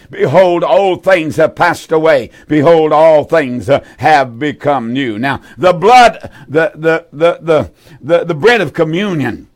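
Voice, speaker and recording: A man preaching fervently on a radio call-in show, repeating his key phrases for emphasis. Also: a little high. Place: radio studio.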